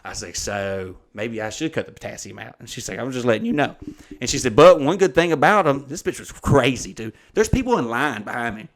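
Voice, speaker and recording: A man's voice: medium pitch, lively intonation, brisk. A man with a mid-range voice tells rambling comedic stories on a podcast. He swears freely and slips into quoted dialogue as he acts out everyone in the tale. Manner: profane, rambling anecdotes acting out quoted dialogue. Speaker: podcast co-host. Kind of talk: comedic storytelling chat.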